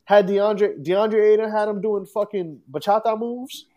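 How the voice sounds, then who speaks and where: A man's voice: sits high, dark tone. Profane man trash-talking basketball players. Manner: profane, rapid trash talk, mocking. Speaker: podcast co-host. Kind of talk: casual sports banter.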